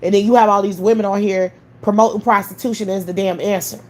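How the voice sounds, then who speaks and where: A woman's voice: medium pitch, fairly even intonation, fast talker. Woman livestream host; heated, profane rant; mid-range voice. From United States.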